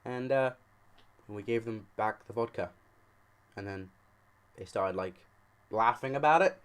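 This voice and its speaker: A man's voice: lowish voice, measured pace, clear, resonant tone. A man casually telling a funny story on his video channel, cursing freely and acting out what people said. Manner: joking, profane, acts out quoted lines.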